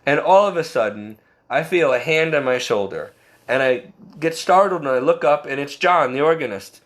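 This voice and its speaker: Here a Catholic layman with a fairly high voice tells his personal faith story at a normal speed. Earnest yet self-deprecating, he laughs at himself often and slips into animated quotes of what he and others said.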